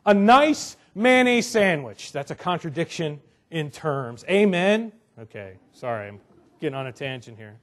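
A young man preaching a conversational sermon, animated, with joking asides to the congregation. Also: sits high. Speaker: pastor.

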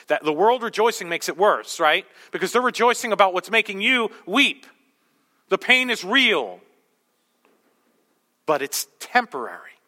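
Male pastor, fairly high, bright voice, conversational sermon with jokes, long hall reverb. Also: very animated, normal speed. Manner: conversational, self-deprecating humor.

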